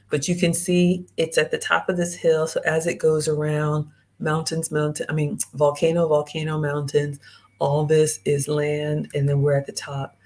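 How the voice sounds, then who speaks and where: A woman's voice: deep voice, a little mellow. A woman hosting a live-streamed travel vlog, chatting straight to her viewers and reading out their comments. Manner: chatty, talks straight to viewers and reads out chat. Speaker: host.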